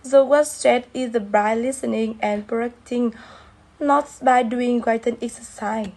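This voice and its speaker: A young woman reading a class presentation slowly, with halting restarts. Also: fairly high pitch, steady tone, a little mellow, poor audio. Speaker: student presenter.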